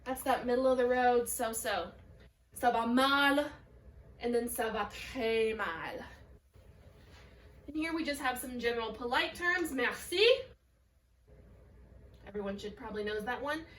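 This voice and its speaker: A woman's voice: on the high side, animated, unhurried, long pauses, fairly bright tone, slight background noise. A woman French teacher recording a video lesson, explaining step by step and modelling French words and phrases. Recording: echoey room, voice a bit far from the mic.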